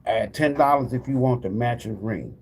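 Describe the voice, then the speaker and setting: Hosting a tarot live stream, a man in a mid-range voice chats casually at a moderate pace while giving away prizes, with slight background noise audible. He addresses viewers directly as "y'all" and repeats the same calls to them again and again.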